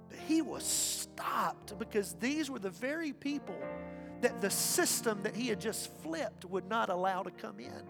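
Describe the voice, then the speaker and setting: A man preaching a sermon as pastor, impassioned, swinging from loud declarations to hushed asides. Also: high voice, lively intonation, measured pace, gravelly. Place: church sanctuary. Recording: reverberant church hall with faint music.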